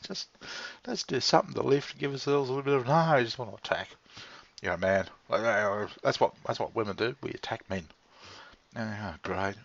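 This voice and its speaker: A man's voice: mid-range voice, vocal fry. A man with an Australian accent talking in a rambling, casual way, laughing often and swearing freely. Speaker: vlog host. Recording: dull lo-fi recording.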